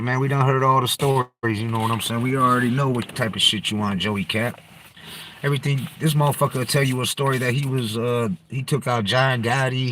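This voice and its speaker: A man's voice: medium pitch, fairly bright tone. A man chats on his podcast in a loose, rambling way. His voice sits in an ordinary middle register and he swears freely, sliding from one topic to the next. A faint ambient noise sits behind him. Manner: loose, slangy, profane, hopping between topics. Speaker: podcast host. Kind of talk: casual rambling chat.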